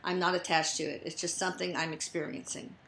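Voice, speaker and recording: An older woman hosting a casual spiritual chat, speaking softly and letting her sentences trail off. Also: on the low side, level tone, fast, creaky. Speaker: host. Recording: echoey room.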